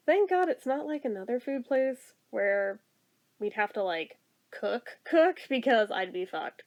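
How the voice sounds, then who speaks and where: A woman's voice: fairly high pitch, sing-song, measured pace, darkish tone, lo-fi sound. A woman vlogger in a casual chat, self-deprecating and giggly as she talks about her day.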